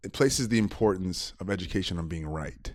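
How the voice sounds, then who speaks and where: A man's voice: sits low, brisk. A man in casual podcast conversation, reflective, often laughing and repeating words as he gathers his thoughts. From United States. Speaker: podcast guest.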